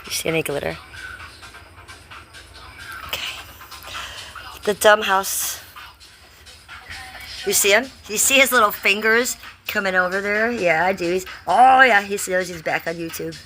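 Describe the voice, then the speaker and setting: A woman on a casual live stream from her home, rambling excitedly to her viewers and swearing freely. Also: on the low side, normal speed, long pauses, faint music behind. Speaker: livestreamer. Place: at home by a window.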